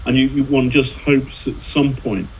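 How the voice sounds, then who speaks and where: A man's voice: mid-range voice, measured pace, rough recording. Rambling middle-aged male journalist, faint hum. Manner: rambling, many fillers and restarts, animated anecdotes. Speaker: journalist and author, guest. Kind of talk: conversational storytelling.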